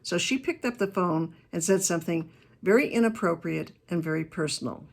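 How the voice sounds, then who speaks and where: A woman giving a keynote talk on customer service, telling stories in a chatty, emphatic way with quick asides. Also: fairly low pitch, lively intonation, gravelly. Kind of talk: lively talk to a business audience.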